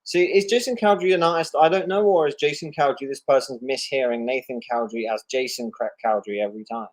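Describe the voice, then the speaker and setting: A man's voice: mid-range voice, fast talker. A man with a mid-range voice co-hosts a casual comics chat over a video call. He sounds laid-back and talks hesitantly, filling gaps with "uh" as he reads out viewer questions. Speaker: co-host reading viewer questions.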